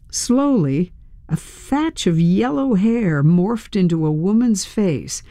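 A narrator reading a tense first-person story aloud in a measured, storytelling manner. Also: medium pitch, warm tone, no room sound, studio quality. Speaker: audiobook narrator.

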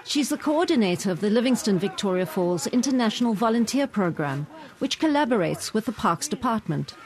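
A woman reporter reading a scripted news narration in a measured, even way. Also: medium pitch.

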